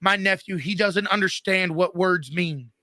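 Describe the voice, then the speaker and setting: A man's voice: sits high, bright, forceful tone, dry recording, studio quality. A man in his thirties, guest host, telling crude, joking stories in a casual chat. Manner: profane storytelling, quick and joking.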